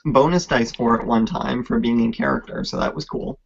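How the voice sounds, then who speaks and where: A man on a podcast telling a tabletop game story at a slow, halting pace, full of fillers, on a lo-fi recording. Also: mid-range voice, vocal fry, slightly rough. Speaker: podcast co-host.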